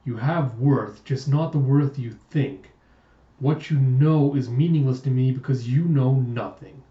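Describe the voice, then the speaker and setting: Man reading as a cruel old villain doctor, slow and low. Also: lightly acted. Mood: menacing. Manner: slow, drawn-out menace, name-endings dropped low and soft. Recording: roomy, distant, dull lo-fi sound.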